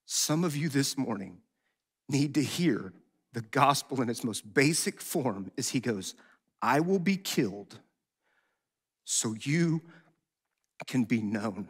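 A man pastor preaching a sermon in a conversational, animated way, acting out quotes as he goes. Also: mid-range voice, slow, long pauses, husky. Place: church sanctuary. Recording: long hall reverb.

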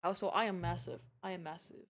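A woman's voice: fairly low pitch, fairly even intonation, fast. A young woman streaming a game, chatting to her viewers in a giggly, teasing, playful way. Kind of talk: casual gaming live-stream chat.

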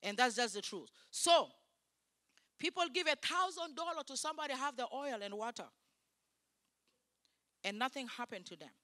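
Emphatic high-voiced woman preaching. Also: animated, normal speed, long pauses, sharp tone, dry recording, studio quality. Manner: emphatic, in broken English. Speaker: guest preacher. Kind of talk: sermon.

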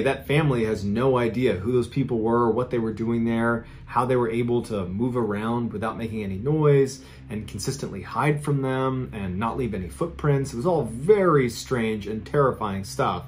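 A man narrates eerie true stories as host, drawing listeners in with a conversational yet dramatic delivery. His voice sits at an ordinary middle pitch, and a faint hiss lingers under the recording. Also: darkish tone. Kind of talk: spooky true-story narration.

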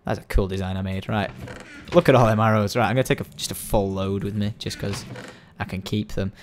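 A young man giving excitable, rambling let's-play commentary, coaxing and shouting at the game. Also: fairly low pitch, brisk, slight background noise. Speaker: gaming video host.

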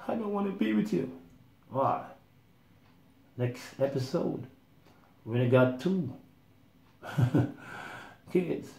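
A man's voice: mid-range voice, mellow. A man telling his own story in a rambling, blunt monologue, swearing freely and acting out other people's voices. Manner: profane, blunt, acts out voices. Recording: roomy echo.

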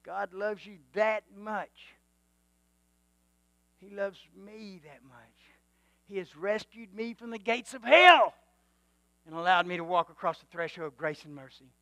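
Bright high-voiced preacher man. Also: measured pace, pauses often, no room sound, highs cut off. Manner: swings from quiet musing to loud exhortation, calls for amen. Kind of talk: sermon.

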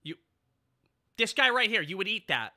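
A man in his thirties hosting a casual stream chat, excitable and prone to sudden yelps. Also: high-pitched, normal speed. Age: 30s. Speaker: streamer host.

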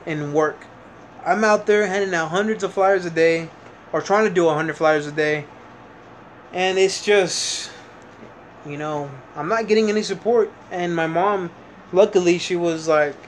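A young man talks straight to his camera in a loose, rambling vlog, restarting sentences and piling up fillers as his frustration shows. His voice sits a little high for a man, and a faint hum of room noise runs under it. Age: young adult. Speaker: vlogger. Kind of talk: casual vlog monologue.

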